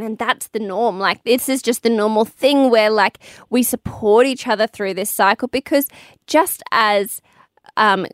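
A woman's voice: a little high, dry recording, clean studio sound. A young woman hosting a podcast, talking in an earnest, rambling way. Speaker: podcast host. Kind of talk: casual chat.

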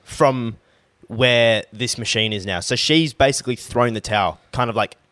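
A young man, co-hosting a casual podcast, excitable and swearing freely. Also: mid-range voice, normal speed, no room sound. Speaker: podcast co-host. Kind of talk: casual chat.

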